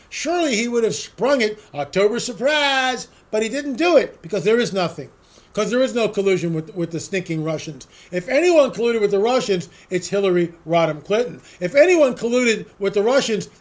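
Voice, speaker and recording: A man's voice: very high-pitched, animated, moderate pace. A man hosting a solo political commentary monologue. He rambles, asks sarcastic rhetorical questions and repeats words for emphasis.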